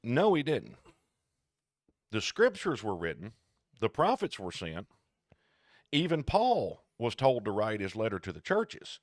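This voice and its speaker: A man co-hosting a casual podcast chat, talking in an animated, digressive, jokey way. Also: on the low side, measured pace, long pauses, no room sound, clean studio sound. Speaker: podcast co-host.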